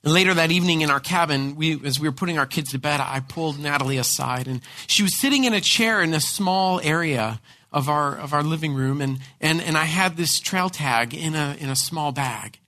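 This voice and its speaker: A man preaching a sermon as pastor, telling a personal story in an animated way with frequent repeated words. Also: fairly high pitch, brisk, no room sound.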